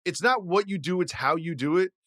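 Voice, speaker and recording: A man co-hosting a sports podcast, talking casually in an animated, disbelieving way and laughing through his rants. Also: high voice, fairly quick, dry recording, studio quality. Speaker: podcast co-host.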